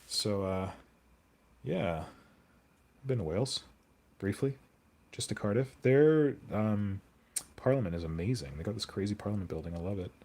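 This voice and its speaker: A man's voice: lowish voice, expressive, moderate pace, long pauses, darkish tone. A young man chatting casually on a live stream while he sculpts, rambling and answering viewer comments aloud.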